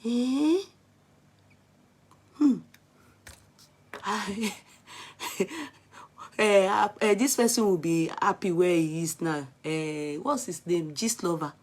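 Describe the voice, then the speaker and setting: A woman's voice: lowish voice, slow, long pauses. A Nigerian woman vlogger chatting live with her viewers, exclamatory and switching between Pidgin and Yoruba. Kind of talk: live-stream chat with viewers.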